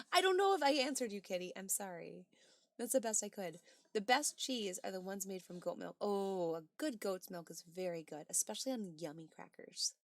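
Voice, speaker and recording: A woman's voice: mid-range voice, expressive, normal speed, dry recording. Chatty woman answering her stream chat. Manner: chatty, answers chat messages aloud with bright exclamations and soft asides. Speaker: livestream host reading chat. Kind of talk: casual chat.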